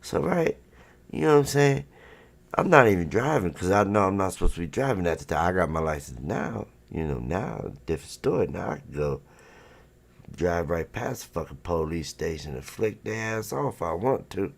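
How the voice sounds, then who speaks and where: A man's voice: low voice, animated, moderate pace, vocal fry. A man hosting a livestream, telling a story in a casual, rambling way, full of swearing and "you know what I'm saying". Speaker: livestream host.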